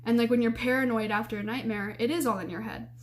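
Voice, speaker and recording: A woman's voice: on the high side, steady tone, quick pace. A woman in her twenties telling a personal story in a casual storytime vlog, talking in a chatty way full of "like" and "you know".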